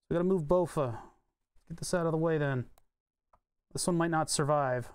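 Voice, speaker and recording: A man with a smooth, clear, somewhat higher voice talks casually through a live-stream while he works on electronics. He mutters to himself between remarks and stops to answer questions from chat. The sound is dry and close, with no room around it. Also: brisk, a little mellow, no echo.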